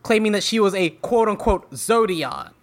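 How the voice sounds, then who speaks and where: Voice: mid-range voice, animated, normal speed. A podcast co-host reading recap notes and joking in casual chat.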